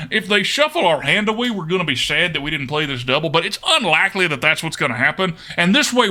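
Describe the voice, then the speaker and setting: A man's voice: fairly high pitch, bright, forceful tone. A man streaming a card game in a playful put-on Texan drawl, joking with his chat and laughing often.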